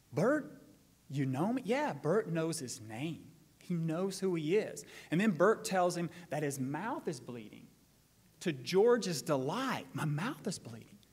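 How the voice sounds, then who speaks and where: A man, the pastor, reading scripture, praying and retelling a story with lively acted-out quotes. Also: on the high side. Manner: animated storytelling, acting out quotes. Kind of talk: sermon with scripture reading and prayer. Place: church sanctuary. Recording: long church hall reverb.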